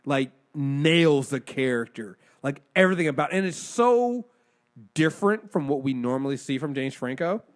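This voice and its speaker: Animated man chatting about films. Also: fairly high pitch, normal speed. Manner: animated, swearing, restarts mid-sentence. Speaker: podcast co-host reviewing films. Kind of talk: casual movie review chat.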